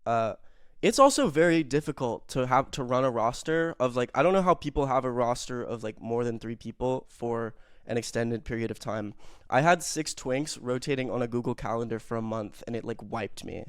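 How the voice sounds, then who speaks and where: A man's voice: medium pitch, expressive, moderate pace, clean tone, no room sound, studio quality. A young man telling a rambling, self-mocking story in casual chat, full of fillers and swearing.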